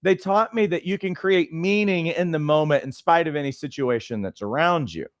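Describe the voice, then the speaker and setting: A middle-aged man and life coach trainer who teaches through animated, conversational personal stories. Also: fairly high pitch, moderate pace, no echo, studio quality. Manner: conversational, lots of fillers and restarts, animated storytelling.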